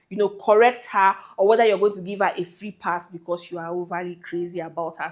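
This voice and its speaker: A woman talks straight to her audience as a relationship advice vlogger. Her delivery is emphatic and scolding, and her voice sits at an ordinary mid pitch. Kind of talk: direct-to-camera advice talk.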